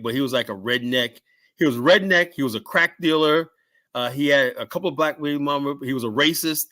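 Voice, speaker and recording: A middle-aged man telling stories in a casual podcast chat, rambling, tagging "right?" and "whatnot" onto his lines. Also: medium pitch. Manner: rambling storyteller, keeps adding "right?" and "whatnot", shouts out quoted lines. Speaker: guest telling security stories.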